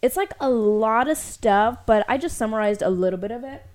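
A young woman co-hosting a casual podcast chats and reads an astrology chart aloud, dropping "like" between phrases constantly. Her voice is on the high side, expressive and fairly quick, with a crowd audible in the background.

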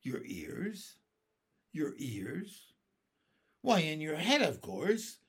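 An eager small boy, curious and quick to disbelieve, speaks up brightly and high, as a man reads him aloud. His voice jumps around with wonder. It is a storybook voice, slightly gravelly underneath. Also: expressive. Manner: eager, incredulous.

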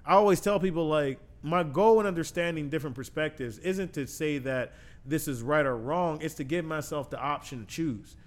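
A man's voice: on the high side, normal speed, few pauses. A man hosting a podcast, speaking thoughtfully and affirming his guest, with frequent casual fillers. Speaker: podcast host. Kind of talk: reflective podcast conversation.

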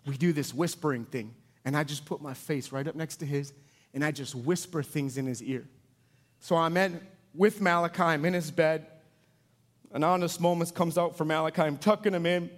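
A pastor in his thirties with a slightly high voice preaches with lively swings, booming one moment and dropping low and quiet the next. He talks like a storyteller who leans hard into each point. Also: brisk. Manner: animated storyteller, swinging from loud bursts to soft, low emphasis. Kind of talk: sermon.

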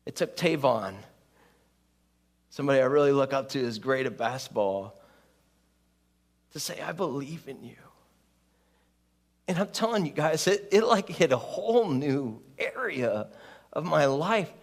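A man's voice: mid-range voice, very animated, unhurried, long pauses. Earnest, chatty male pastor. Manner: earnest and conversational, laughs often. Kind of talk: sermon.

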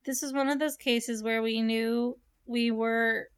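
A young woman hosting a casual chat, reading a story aloud and reacting with animated, curious asides. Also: on the high side, measured pace, clear, resonant tone.

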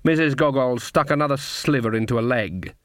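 A man giving a measured, scripted audiobook narration. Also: mid-range voice, dry recording, studio quality. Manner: even, measured storytelling.

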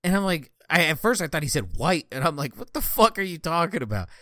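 Young male podcast co-host, bright and animated, dry close sound; chatty storyteller who voices other people. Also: a little high, fast, no room sound. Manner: animated, acts out other players' lines with laughing. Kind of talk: casual chat, storytelling.

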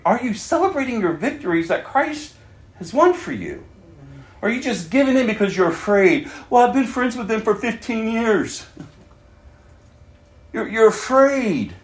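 Male preacher, sermon, high voice, lively swooping delivery, echoey room. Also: measured pace. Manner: animated, swings from loud calls to hushed near-whispers.

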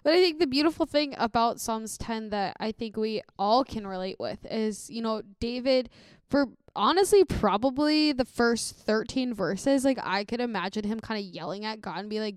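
A woman's voice: on the high side, normal speed, clear, resonant tone, no room sound. A young woman on a faith podcast, earnest and encouraging, reading scripture aloud. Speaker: podcast co-host.

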